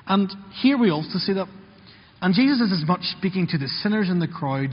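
A man's voice: on the high side, expressive, quick pace, slightly rough. Man preaching in a reverberant hall. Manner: earnest, acts out characters' lines in quotes. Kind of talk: sermon. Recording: muffled, with long hall reverb.

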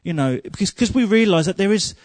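A man preaching a sermon, telling humorous stories and growing loud and emphatic. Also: sits high, lively intonation, brisk, dry recording.

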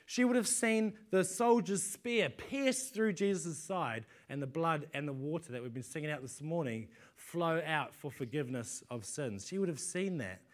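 A man with a notably high voice delivers a sermon to a congregation. He talks in a loose, conversational way, stumbling into repeated words as he restarts his sentences. He keeps pulling the listeners in with rhetorical questions. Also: normal speed, hardly any pauses. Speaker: preacher.

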